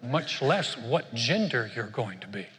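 A man's voice: medium pitch, sing-song, measured pace, fairly bright tone, long reverb tail. An older man preaching a sermon in a conversational way, often repeating words as he restarts his sentences. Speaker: pastor.

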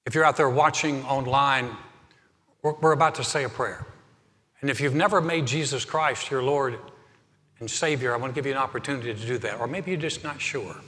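A male pastor preaching a sermon in a church sanctuary, building to fervent emphasis and then softening into quiet prayer. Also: mid-range voice, fairly quick. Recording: long hall reverb, faint music.

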